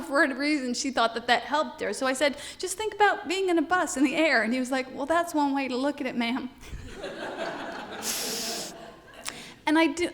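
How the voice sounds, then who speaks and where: A woman giving a lively, conversational sermon, telling personal stories and often laughing as she quotes people. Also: fairly high pitch, in a large hall.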